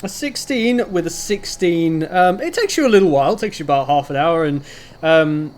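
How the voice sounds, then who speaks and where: A man narrating as game master of a tabletop game, talking in a rambling way with many pauses and restarts, over an online voice call. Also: fairly high pitch, animated, darkish tone.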